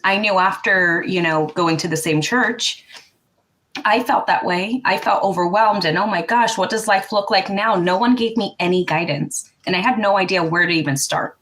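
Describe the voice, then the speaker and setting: A woman's voice: medium pitch, normal speed, a bit bright. A woman co-hosting a podcast, talking casually in an earnest, emphatic way. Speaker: podcast co-host. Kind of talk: casual conversation.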